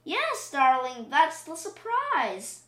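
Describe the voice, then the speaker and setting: A woman's voice: high voice, wildly swooping pitch, slow pace, pushed and bright, heavily acted. A woman voicing an exasperated but loving mother pig in a storybook reading. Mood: fond. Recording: roomy echo.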